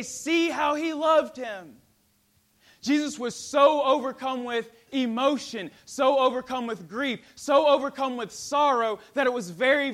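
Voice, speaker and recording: A man preaching a sermon dramatically, swinging from ringing emphasis to a hushed near-whisper. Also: very high voice.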